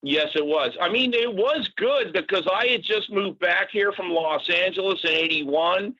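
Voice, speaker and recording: A man in his sixties from Massachusetts, a podcast guest telling stories in an animated, casual way with swearing and fillers. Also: high voice, moderate pace, no room sound. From Natick, Massachusetts. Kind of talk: casual storytelling. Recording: dull dry podcast audio.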